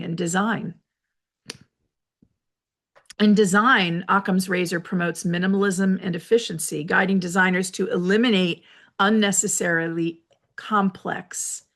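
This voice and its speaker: Speaking from her office, a woman hosts a solo reflective talk in a medium-pitched voice that's creaky and a bit bright. She explains concepts in a measured, lecture-style way and shares personal asides.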